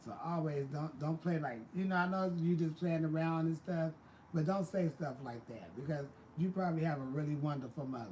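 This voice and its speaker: Here a man with a fairly high, darkish voice speaks a little fast over slight hiss or hum. Hosting a laid-back livestream, he's sassy and chatty, tossing out "baby" and "honey" to the people watching.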